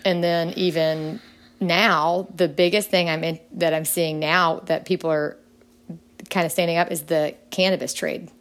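A middle-aged woman speaking earnestly as a podcast guest, her pitch leaping up when she stresses a point. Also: fairly even intonation, measured pace. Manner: earnest, with sudden upward pitch leaps when emphatic. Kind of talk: earnest conversational interview.

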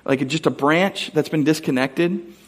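A man's voice: fairly high pitch, measured pace. A man preaching a sermon as a pastor, talking casually and acting out little scenes and quotes as he goes. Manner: conversational, storytelling with acted-out quotes.

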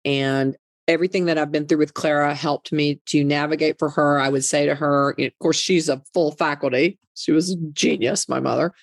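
A middle-aged woman talks in an earnest, emphatic way, circling back and repeating words when moved. Her voice carries a gravelly, fry-tinged edge. The sound is close and dry. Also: low voice, steady tone, moderate pace, dry recording. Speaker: guest, mother and advocate. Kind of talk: conversational interview.

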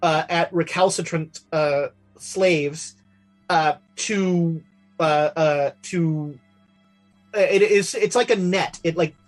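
Game master, male, slow halting narrator, faint music bed. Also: fairly high pitch. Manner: halting, many fillers and restarts.

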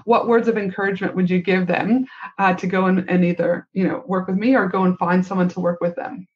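A woman's voice: on the low side, fairly even intonation, brisk, lo-fi sound. A woman hosting a podcast as a business consultant, speaking emphatically, repeating points and adding "right?". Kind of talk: interviewer asking questions and coaching.

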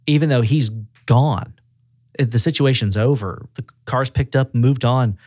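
His mid-range voice moves at a measured clip, recorded at studio quality with no room sound. As a regional director of auto repair shops chatting casually on a podcast, he tells lively stories and voices each character's dialogue.

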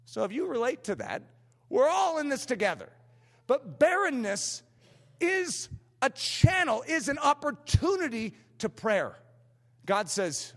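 Fervent high-voiced man preaching in a hall. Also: wildly swooping pitch, unhurried, a bit bright. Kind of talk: sermon. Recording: long hall reverb.

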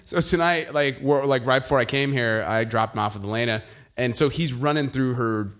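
A man telling funny stories about his young son in a casual chat, animated and laughing often. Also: medium pitch, brisk.

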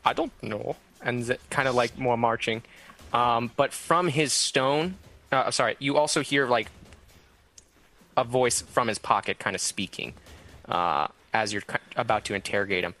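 A man's voice: mid-range voice, normal speed, sharp tone. Loose-talking male game master. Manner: loose, filler-heavy narration. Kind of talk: narrating a tabletop game. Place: studio.

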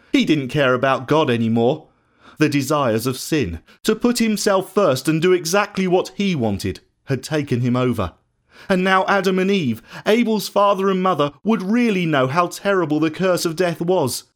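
A man narrates a scripted storybook in an earnest, expressive way. His voice sits on the higher side and swings widely in pitch. The reading is steady and heartfelt.

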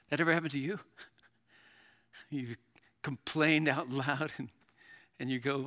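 A middle-aged male pastor preaching a sermon, animated, with dramatic readings and laughs. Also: mid-range voice, slow, pauses often.

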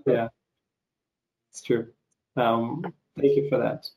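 Male host, soft-spoken, reflective, mid-pitched, casual interview. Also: flat delivery, slow pace, gravelly, narrow, tinny audio. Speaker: podcast host.

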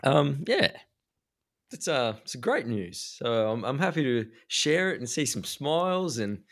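A man chatting on a podcast, cracking deadpan jokes and chuckling. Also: medium pitch, unhurried. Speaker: podcast co-host. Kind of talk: casual podcast banter.

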